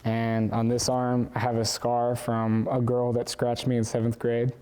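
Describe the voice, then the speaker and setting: Relaxed teenage boy with a mellow voice. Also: medium pitch, measured pace, clear, resonant tone. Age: teens. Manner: relaxed, hesitant, many fillers and restarts. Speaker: student interviewee. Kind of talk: casual interview answers. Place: school.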